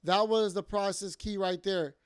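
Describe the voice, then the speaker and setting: A man's voice: high voice, fairly even intonation, normal speed, smooth. A young man giving a casual spoken testimony at church, rambling along with many fillers and asides.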